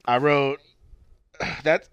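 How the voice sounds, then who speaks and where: A man's voice: fairly high pitch, extremely slow, a bit bright, smooth, dry recording, highs cut off. Swearing man recapping a show. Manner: swears a lot, laughs, reads out his notes. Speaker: podcast co-host. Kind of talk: casual profane recap chat.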